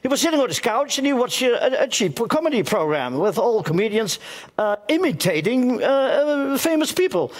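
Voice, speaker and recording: A bumbling, self-mocking old stage comedian, as a man puts him on, stammering through his routine with little chuckles. His voice sits very high and leaps lively up and down. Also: exaggerated voice. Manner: stammering, halting delivery with chuckles. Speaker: introducer doing a comedy act. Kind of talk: live stage comedy impression. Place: theater stage before an audience.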